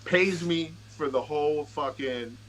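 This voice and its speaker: A man with a bright, forward, slightly high voice tells loose, profane stories as a podcast guest, unhurried, often restarting mid-sentence and slipping into quoted dialogue. His casual, unpolished talk is packed with fillers, and the rough recording carries a faint background hiss.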